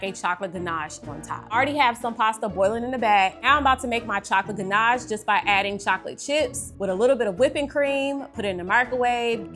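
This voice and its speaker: Woman, cooking vlog host, animated, chatty, mid pitch. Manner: animated, talks to viewers as y'all. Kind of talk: casual cooking vlog chat.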